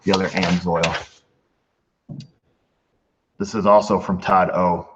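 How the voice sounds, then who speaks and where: Low-voiced guy opening fan mail at his garage, dull lo-fi audio, little hiss. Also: level tone, takes it slowly. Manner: jokey, reads letters aloud with asides. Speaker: mechanic and channel host. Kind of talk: casual mail-call chat. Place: auto repair shop bay. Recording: dull lo-fi sound with faint noise.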